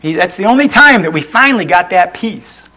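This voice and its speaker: A man's voice: high voice, animated, brisk, sharp tone, low-quality recording. Earnest repetitive preacher man. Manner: earnest and repetitive, restating each point, with folksy asides. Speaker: pastor. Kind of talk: sermon.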